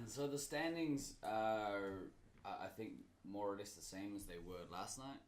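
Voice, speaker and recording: A man's voice: on the low side, unhurried. A man hosting a casual podcast, laid-back and laughing with the panel, swearing freely. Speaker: podcast host.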